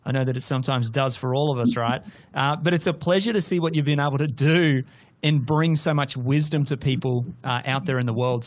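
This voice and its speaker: A man hosting a podcast, opening a casual interview in a friendly, loose way with frequent "uh" fillers. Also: mid-range voice. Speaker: podcast host.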